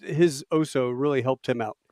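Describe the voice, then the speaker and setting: A man's voice: medium pitch, moderate pace, no echo, studio quality. A man in his late fifties, a podcast host, telling casual stories and laughing often. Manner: animated, laughs often, does loud impressions of drill instructors. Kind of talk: casual storytelling chat.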